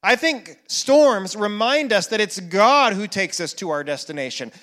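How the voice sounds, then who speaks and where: A male pastor with a high voice delivers a sermon at an unhurried pace. He lets key phrases fall to a hush, then builds back up with emphatic questions. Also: expressive. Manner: slow, with dramatic hushed repetitions and rising emphasis.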